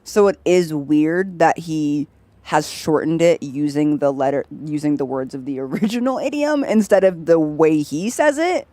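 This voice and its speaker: This young woman's low, expressive voice has a dark tone and moves at a moderate pace, with no room sound. While streaming a game she chats casually, laughs a lot while explaining, and imitates voices in her stories.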